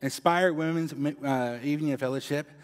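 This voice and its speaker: A man's voice: a little high, fairly quick. A man with a Mexican accent giving upbeat church announcements and a prayer, tagging "okay?" onto nearly every phrase. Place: church sanctuary. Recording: long hall reverb.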